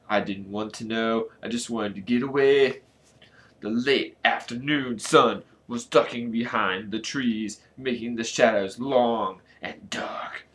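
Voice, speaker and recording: A man casually reading a storybook aloud, with a lively delivery and joking asides. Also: medium pitch, takes it slowly. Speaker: channel host reading aloud.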